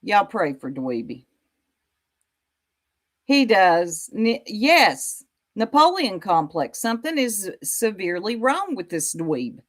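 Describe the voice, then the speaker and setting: A woman's voice: medium pitch, sing-song, slow pace. A woman hosting reaction commentary, mocking a clip and talking straight to her viewers with sass. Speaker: YouTube commentary host.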